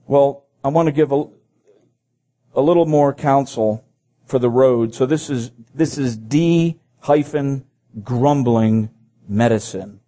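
A man's voice: medium pitch, measured pace, warm tone. A man preaching a sermon. He reads scripture aloud and breaks in with his own comments, repeating phrases as he goes.

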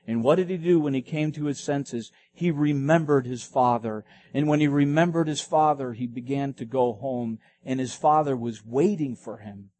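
A man's voice: mid-range voice, warm tone. A man preaching a sermon, reading scripture and explaining it, rising emphatically on key lines.

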